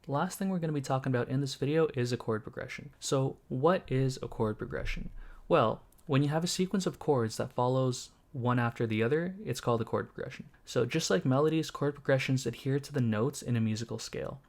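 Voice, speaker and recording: A man teaching music production basics in a calm, methodical tutorial, explaining each step. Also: medium pitch, a little fast. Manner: calm, methodical, walks through each step while playing examples.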